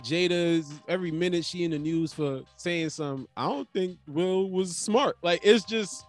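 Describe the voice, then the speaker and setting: This man has a somewhat high voice and a loose, slangy way of talking. He is a comedian guest reacting quickly in casual banter. Faint music sits in the background. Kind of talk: casual podcast chat.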